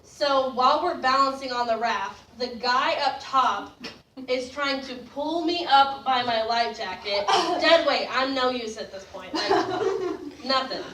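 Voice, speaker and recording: A young woman telling a personal story in a casual, animated way, laughing and getting louder as it builds. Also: high-pitched, measured pace. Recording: roomy distant mic with faint ambience.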